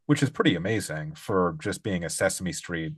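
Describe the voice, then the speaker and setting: A man's voice: low voice, lively intonation, moderate pace, slightly rough, no room sound, studio quality. A man co-hosting a podcast, telling stories in a chatty, easygoing way. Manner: chatty storyteller, laughs easily. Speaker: podcast co-host. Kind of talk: casual chat.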